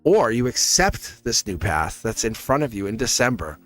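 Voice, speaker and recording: A man's voice: fairly low pitch, big pitch swings, moderate pace, a bit bright, soft background music. A man giving a live tarot reading, talking in a rambling, earnest way, laughing often and acting out quoted lines. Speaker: tarot reader. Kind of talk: live tarot reading, casual spiritual talk.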